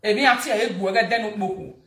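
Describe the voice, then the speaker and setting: A woman with a Nigerian accent hosts a casual gossip vlog, teasing and mocking as she talks. She sits at a middle pitch and keeps hammering words through repetition. Her voice rings in an echoey room. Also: fast. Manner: animated, mocking, repeats words for emphasis. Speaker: gossip vlogger.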